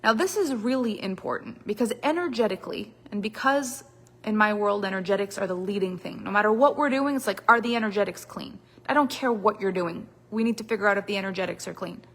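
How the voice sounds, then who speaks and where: A woman giving a motivational coaching talk, emphatic and repetitive, dropping to quiet asides and rising again. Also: mid-range voice, expressive, quick pace. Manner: emphatic, repetitive, dramatic shifts in loudness. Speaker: business coach. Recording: long reverb of a hall.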